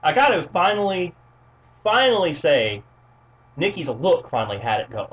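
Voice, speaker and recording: A man's voice: a little high, very animated, moderate pace, a bit bright, rough recording. A man co-hosting a casual wrestling chat, easygoing and agreeable, chiming in and laughing along. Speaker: podcast co-host.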